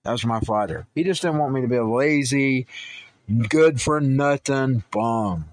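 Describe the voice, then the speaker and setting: A man's voice: mid-range voice, a little slow. A man who hosts a political talk show, rambling through personal stories and news commentary, stumbling and restarting, and growing heated.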